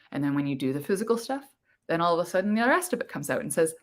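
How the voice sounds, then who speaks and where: Earnest woman host, lowish voice. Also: lively intonation, racing. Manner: earnest, repeats points, many fillers. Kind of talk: casual motivational talk.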